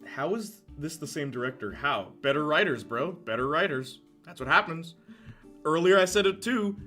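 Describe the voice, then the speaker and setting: A young man streaming casual commentary, animated, laughing often and answering chat. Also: on the high side, normal speed, soft background music.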